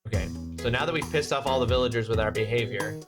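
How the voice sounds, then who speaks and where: A game streamer chatting casually and wryly while playing, swearing now and then, in a mid-pitched voice. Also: fast talker. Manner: chatty, wry, with bursts of swearing. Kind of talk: casual let's-play commentary. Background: loud game music.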